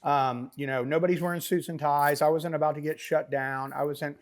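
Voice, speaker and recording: A middle-aged business founder, guesting on a podcast, tells stories in a casual interview, rambling and animated with many fillers and asides. His voice is on the high side and his delivery brisk.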